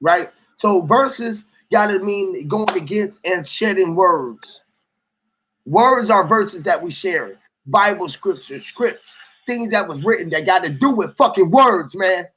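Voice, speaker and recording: A man's voice: high voice, expressive, slow, bright, forceful tone, breathy edge, rough recording. A man talking casually and profanely, rambling through loose wordplay as a guest on a stream.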